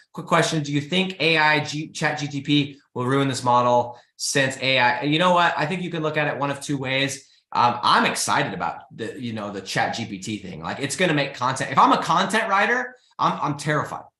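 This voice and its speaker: The host, a man with a medium-pitched voice in an echoey room, runs a live business show. In a casual motivational live-stream talk he sounds energetic and pleading, pressing listeners to get started, with "guys" and "freaking" coming up often.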